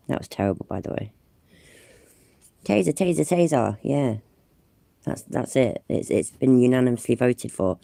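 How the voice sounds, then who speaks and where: A man's voice: medium pitch, animated, moderate pace, creaky, pauses often, mellow, no room sound. A man doing sarcastic, exasperated reaction commentary over police footage.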